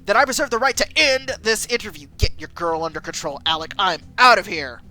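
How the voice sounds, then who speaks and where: A woman's voice: mid-range voice, sing-song, moderate pace, sharp tone, soft background music, pitched above the performer's own voice. A woman voicing a smug, defensive male city politician in a raised, lightly acted voice. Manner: slick, then snapping.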